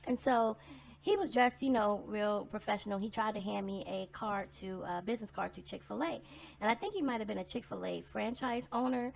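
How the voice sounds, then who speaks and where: A woman's voice: medium pitch, a little fast, creaky. A woman telling personal stories in a casual vlog monologue, blunt and sarcastic in a conversational way.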